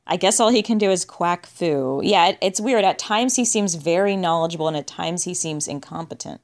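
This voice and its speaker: Low-pitched woman, casual podcast co-host, dry and offhand. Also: normal speed. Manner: dry, musing, trails off with "I guess". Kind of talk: casual movie discussion.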